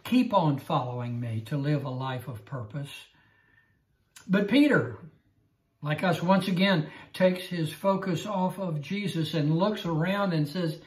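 A man's voice: a little high, a little slow, darkish tone. A man teaching a Bible lesson in an earnest way, often stammering and repeating himself. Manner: earnest, repetitive, stammering restarts. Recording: roomy echo.

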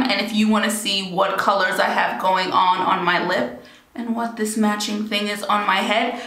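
A young adult woman, a beauty vlogger and small business owner, chatting upbeat and excitable to her camera at home. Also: medium pitch, reverberant, rough recording. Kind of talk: casual chat to camera.

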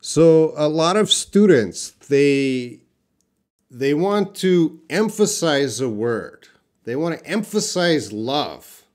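Here a male teacher runs a live web lesson on English writing, patiently and slowly reading out examples and testing his audience. His voice is slightly high with a darkish tone, and he speaks with great animation.

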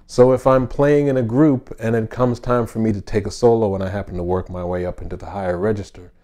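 Relaxed low-voiced man teaching bass. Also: brisk. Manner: relaxed, friendly, with fillers and asides. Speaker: bass teacher and channel host. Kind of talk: casual instructional talk.

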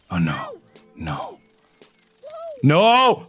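Guy rage-gaming, slow drawn-out talk, goes from muttering to shouting real quick. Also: high-pitched, huge pitch swings, noisy background. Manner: swings between muttering and yelling. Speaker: gaming video host. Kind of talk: frustrated gaming commentary.

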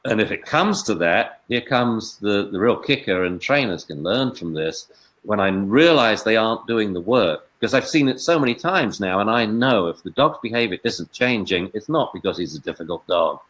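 Male interview guest, low voice, storyteller who swings from quiet to emphatic. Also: normal speed, poor audio. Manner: expressive, swings from hushed to emphatic. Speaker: dog trainer and veterinarian, interview guest.

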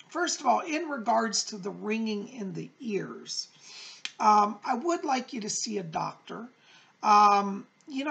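A middle-aged man hosting a psychic advice show, reading viewer letters aloud and answering them in a gentle, reassuring, chatty way. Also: high-pitched, creaky. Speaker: psychic medium host.

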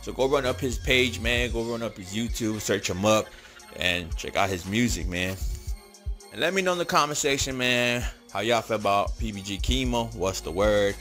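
A man's voice: fairly low pitch, normal speed, fairly bright tone, faint music behind. A man hosting an online video channel, giving hyped casual commentary and tagging nearly every line with "man". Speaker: channel host.

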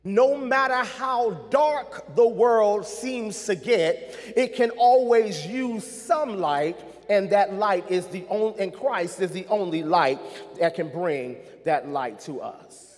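A man preaching a sermon as pastor, calling on the congregation to respond and swinging between soft passages and rising intensity. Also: high voice, long reverb tail. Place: church sanctuary.

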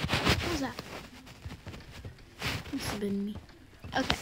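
High-voiced woman muttering through a game. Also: animated, measured pace, long pauses, heavy background noise. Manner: mutters game tasks aloud, often half-whispered. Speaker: gaming youtuber. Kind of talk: casual let's-play commentary.

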